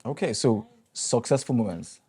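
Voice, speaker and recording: A man's voice: mid-range voice, lively intonation, moderate pace, dark tone, slightly rough. A man hosting an interview, asking encouraging questions and summing up advice. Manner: encouraging, wrapping up. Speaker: host.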